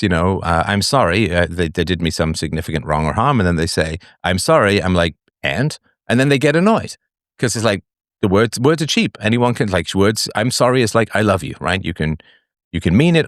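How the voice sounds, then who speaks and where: Deep-voiced man hosting a call-in show. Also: no room sound, clean studio sound. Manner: reflective, digressive, wry. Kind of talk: live call-in philosophy talk.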